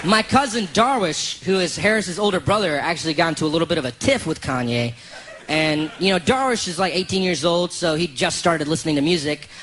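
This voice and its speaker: Animated male stand-up comedian, live. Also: fairly high pitch, brisk, over music. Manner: animated, laughing storyteller. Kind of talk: stand-up set. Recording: noisy live comedy club recording.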